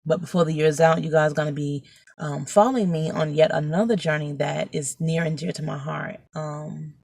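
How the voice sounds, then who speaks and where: Woman vlogger, gravelly, dry close sound, blunt and animated. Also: low voice, normal speed, no room sound. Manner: blunt, animated, swears freely. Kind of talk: casual storytime vlog. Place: outdoors, arriving at a building.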